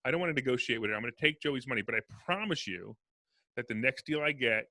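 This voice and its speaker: Man, podcast guest, quick talker, bright edge, dry close sound, animated storyteller. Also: mid-range voice, dry recording. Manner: fast, animated storyteller acting out dialogue. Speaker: real estate investor guest. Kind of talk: casual podcast interview.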